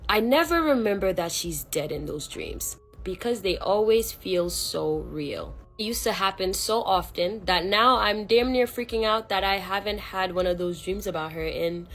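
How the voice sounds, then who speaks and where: A woman's voice: medium pitch, expressive, moderate pace, hardly any pauses, a bit bright, faint music behind. A woman telling a spooky story in casual, conversational second person, with slang and fillers. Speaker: storyteller vlogger.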